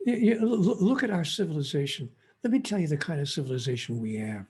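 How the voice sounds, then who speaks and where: A man's voice: on the high side, lively intonation, fast, a little mellow, breathy edge. A man, a guest author, telling stories earnestly and emphatically in an interview, often restarting his sentences. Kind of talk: impassioned interview storytelling.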